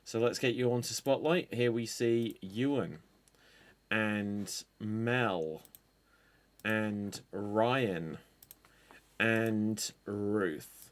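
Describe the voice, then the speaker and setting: Unhurried man hosting improv games. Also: lowish voice. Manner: unhurried, dry, calls out game prompts. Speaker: improv show host.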